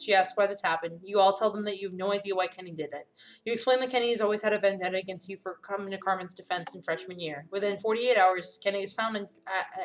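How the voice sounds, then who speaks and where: A woman reading and playing through a visual novel, narrating the scenes and reacting to them aloud. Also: medium pitch. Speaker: game streamer.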